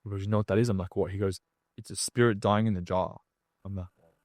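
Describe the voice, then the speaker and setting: A man's voice: sits low, fairly even intonation, fast, darkish tone, no room sound. Male podcast guest, casual storyteller, slangy, dry close sound. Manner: casual, slangy, acts out other people's lines. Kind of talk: animated storytelling.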